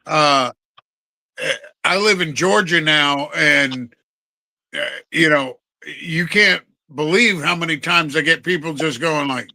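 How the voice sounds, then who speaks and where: A man's voice: on the high side, slow pace, creaky, pushed and bright, no echo. A man from Connecticut with a mixed Northeastern and Southern US accent, chatting and telling stories about himself. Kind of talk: casual chat.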